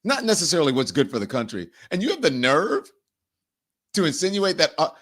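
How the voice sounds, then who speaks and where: Male host, incredulous political commentary, lively swooping pitch, bright forceful tone. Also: a little fast. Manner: incredulous, animated, laughing between remarks.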